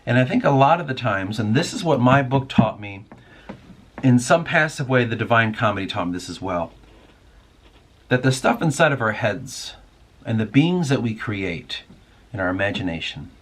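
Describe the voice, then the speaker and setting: A man's voice: mid-range voice, big pitch swings, moderate pace. A man hosting a casual spoken monologue, rambling and musing aloud with plenty of swearing. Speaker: podcast host.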